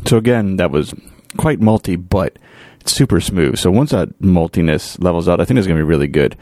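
A man's voice: deep voice, animated, a little fast, a little mellow, no echo. A man hosting a podcast, giving a casual, rambling update and thinking aloud as he goes. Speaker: podcast host, home brewer.

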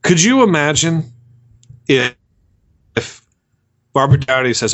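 A man co-hosting a casual movie review podcast. He talks haltingly and often restarts his sentences. The sound is dull and lo-fi. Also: a little high, expressive, fairly bright tone. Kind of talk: casual chat. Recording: dull lo-fi audio.

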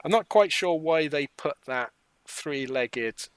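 A man's voice: a little high, expressive, slow pace, clean tone, dry recording, poor audio. A man co-hosting a casual chat about a TV show, chatty and jokey, acting out quotes. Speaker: podcast co-host.

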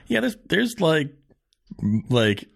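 A man's voice: a little high, sing-song, slow pace, gravelly. A man co-hosting a podcast, rambling casually, swearing and laughing often. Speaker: podcast co-host. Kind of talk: casual chat.

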